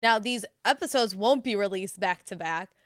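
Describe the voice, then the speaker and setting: A woman's voice: medium pitch, normal speed, no echo, clean studio sound. A woman co-hosting a music podcast, chatting playfully. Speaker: podcast co-host. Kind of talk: casual podcast chat.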